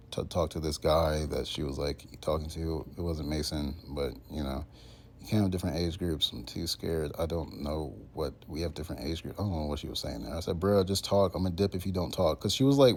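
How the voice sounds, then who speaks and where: A man's voice: deep voice, darkish tone. A man in his twenties casually rambling in a monologue, full of fillers and slang. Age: 20s. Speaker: content creator.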